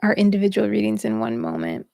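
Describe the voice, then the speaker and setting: A woman's voice: mid-range voice, huge pitch swings, quick pace, vocal fry, warm tone, dry recording, clean studio sound. A young woman hosting a spiritual reading livestream, chatting casually with viewers and laughing often.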